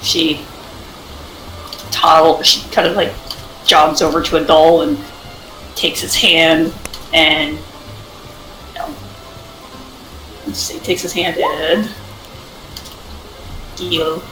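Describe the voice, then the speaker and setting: A woman's voice: sits low, flat delivery, extremely slow, long pauses, a bit bright. A woman playing a tabletop game, describing her character's actions with hesitant fillers. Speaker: player. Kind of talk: casual tabletop role-play. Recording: roomy sound with faint music.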